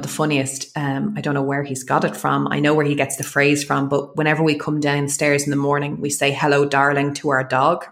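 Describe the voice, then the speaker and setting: Low, even-toned Irish woman. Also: creaky. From Dublin, Ireland. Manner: reflective, earnest, speaks in long flowing sentences. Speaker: guest. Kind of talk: casual conversation.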